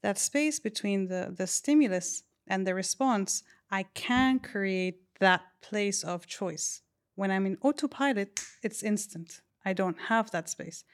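A woman bodywork practitioner as a podcast guest, explaining in a calm, measured, unhurried way. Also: mid-range voice, clear, resonant tone. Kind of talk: reflective interview talk.

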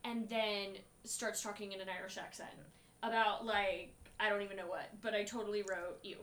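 A woman co-hosting a podcast, chatting casually and quickly about a film with lots of filler words. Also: medium pitch, flat delivery, fairly bright tone. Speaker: podcast co-host. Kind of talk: casual chat reviewing a film.

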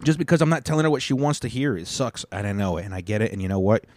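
Low, mellow-voiced man rambling profanely. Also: animated, very fast, no room sound. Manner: profane, digressive, swaggering. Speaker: stand-up comedian recapping his week. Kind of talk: casual rambling recap.

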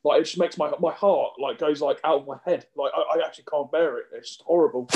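A man's voice: fairly high pitch, quick pace, creaky, a little mellow, dull audio. A young man co-hosting a podcast, rambling and self-deprecating in casual chat. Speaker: podcast co-host.

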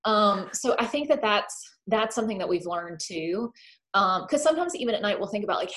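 Woman, casual chat, animated, filler-heavy, quotes herself in voices. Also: medium pitch, fairly quick. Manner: acts out her own thoughts in quoted voices.

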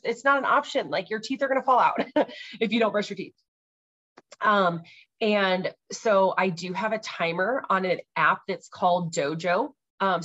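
A woman's voice: lowish voice, a bit bright, dull audio. A woman in her thirties hosting a podcast, chatting casually about parenting with lots of ums and likes. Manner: chatty, many ums and likes, laughs easily. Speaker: podcast host.

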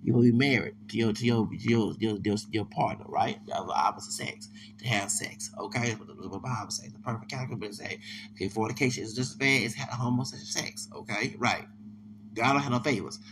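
A man's voice: mid-range voice, quick pace, background noise. A man talking on his podcast in a casual, rambling monologue, emphatic and often stumbling over repeated words. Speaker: podcast host.

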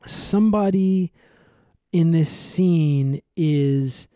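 Man, mellow voice, rambling deadpan comedy recap, dry close sound. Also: a little high, very slow, clear, resonant tone, dry recording. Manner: rambling, deadpan, full of fillers. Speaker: comedy podcast co-host.

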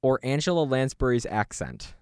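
Playful man with a lively voice. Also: medium pitch, moderate pace, clean tone, no room sound, clean studio sound. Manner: playful and teasing, lively intonation. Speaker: podcast co-host. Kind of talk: casual chat game.

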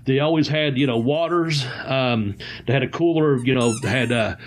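A man, a former pro wrestler, telling stories in a casual, profane, animated way. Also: medium pitch, moderate pace. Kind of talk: casual storytelling chat.

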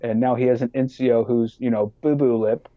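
A man's voice: mid-range voice, fairly quick, no echo, highs cut off. A man who is a podcast guest and army sergeant, telling a story casually, swearing and acting out the voices of other people. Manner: profane, animated, acts out quoted voices.

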